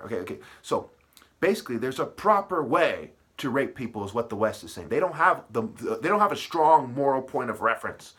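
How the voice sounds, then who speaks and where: Husky-voiced man on a profane rant. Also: medium pitch, sing-song, fairly quick, fairly bright tone. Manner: profane, heated, repeats himself, plays on word sounds. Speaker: vlogger. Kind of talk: ranting monologue. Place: at a desk.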